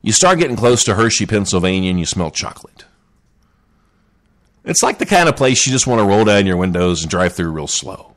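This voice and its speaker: A man's voice: lowish voice, animated, a little fast, a bit bright. A man hosting a comedic show, rambling jokily through odd news stories and asking his listeners questions. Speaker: radio show host.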